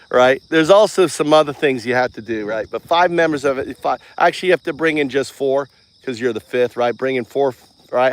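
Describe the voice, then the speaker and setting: A man with a somewhat high-pitched voice talks in a loose, rambling monologue. He keeps a mocking, jokey tone and tosses in "right?" after nearly every thought. He often breaks off and restarts his sentences. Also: fairly bright tone, no room sound. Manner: mocking, jokey, chuckles while talking.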